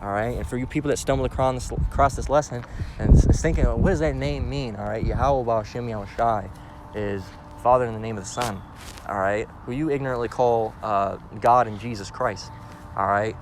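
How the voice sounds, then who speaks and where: A man preaches outdoors in a steady, mid-range voice, reading scripture at a slow, deliberate pace before breaking it down in plain, blunt street talk. He punctuates nearly every point with "all right?" City noise and passing vehicles sit clearly behind him. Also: mid-range voice. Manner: reads verses slowly, then explains in blunt slang with constant "all right?". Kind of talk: informal scripture lesson.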